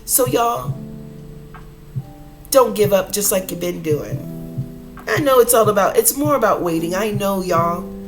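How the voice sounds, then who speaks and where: A woman's voice: mid-range voice, expressive, measured pace, long pauses, soft background music, rough recording. A woman hosting an inspirational podcast, talking casually and earnestly in a rambling way, calling her listeners y'all. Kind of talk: casual motivational talk.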